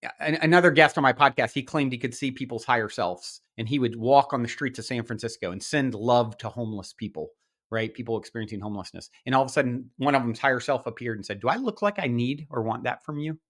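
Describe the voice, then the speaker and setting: Middle-aged man, podcast guest; bright, lively storyteller who restarts often. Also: medium pitch, fast. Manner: animated, many restarts and quoted asides. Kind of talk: storytelling in conversation.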